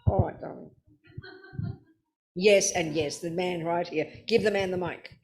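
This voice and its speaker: A woman's voice: on the low side, steady tone, a little slow, vocal fry, a little mellow. Blunt, playful older woman teaching. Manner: blunt, playful, calls people darling. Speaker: Buddhist nun teacher. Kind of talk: Dharma talk with Q&A.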